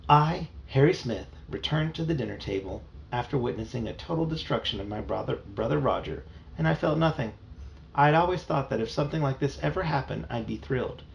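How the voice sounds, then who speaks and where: A man reads a children's novel aloud in a plain, storytelling way, his voice gravelly with a creaky edge. The recording sounds dull and muffled, with a faint hiss underneath. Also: mid-range voice. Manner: plain storytelling with small slips. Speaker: reader.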